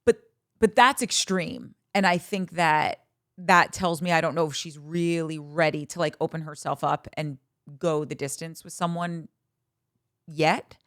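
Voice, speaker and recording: A woman's voice: deep voice, measured pace, no room sound, studio quality. A woman in her thirties hosting a podcast in casual chat, candid, bawdy and gushing as she talks. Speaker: podcast host.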